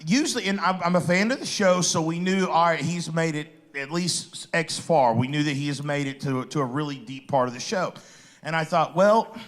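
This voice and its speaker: A man's voice: fairly high pitch, normal speed, few pauses. A middle-aged man chatting casually, telling a story and acting out what everyone said. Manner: animated storyteller acting out quotes. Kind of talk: casual chat.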